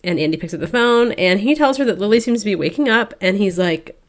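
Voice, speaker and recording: A young woman co-hosting a podcast, chatting casually as she recaps a novel and quickly acts out the characters' lines. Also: medium pitch, animated. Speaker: podcast co-host. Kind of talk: casual chat recapping a book.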